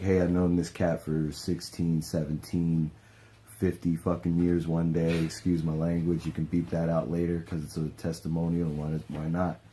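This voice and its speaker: A man's voice: deep voice, warm tone. A man, a pro wrestler, giving a casual testimonial in a laid-back, rambling, slangy way.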